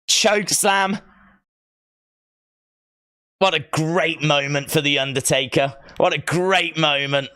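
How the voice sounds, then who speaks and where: A man giving live reaction commentary as a wrestling watch-along streamer, emotional and excitable, often shouting and reading viewer chat aloud. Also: a little high, creaky.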